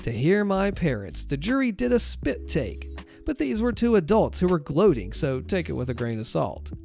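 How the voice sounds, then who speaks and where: A man's voice: a little high, very animated, moderate pace, vocal fry, darkish tone, soft background music. A man hosting a podcast, reading online stories aloud with wry, exasperated asides. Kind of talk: storytelling narration with casual commentary.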